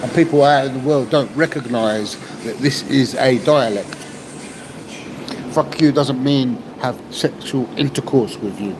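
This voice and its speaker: This Cockney man in his fifties, from East Central London, hosts a podcast and rants casually, frequently tacking "yeah?" onto his points. He speaks at a measured pace with a medium pitch. Vehicle noise runs behind the noisy recording.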